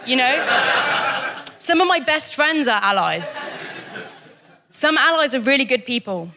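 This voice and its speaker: A stand-up comic working the crowd in a dry, conversational way on a comedy club stage. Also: female voice, fairly high pitch, lively intonation, slow, pauses often, noisy background. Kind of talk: stand-up routine.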